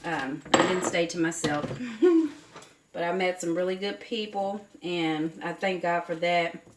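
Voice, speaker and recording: A woman's voice: fairly low pitch, fairly even intonation, moderate pace, noisy background. Chatty Southern woman cooking in a roomy kitchen. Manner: chatty, folksy, calls viewers honey and baby. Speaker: cooking vlogger. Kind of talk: casual cooking chat to camera. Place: home kitchen. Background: faint clatter of dishes and cutlery.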